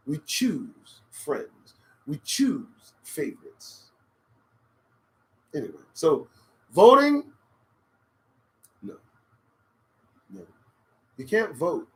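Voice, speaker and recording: A man's voice: fairly high pitch, low-quality recording. A man hosting a live-stream talk show, rambling in a profane, preachy and emphatic way into a desk condenser microphone. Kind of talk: casual live-stream monologue.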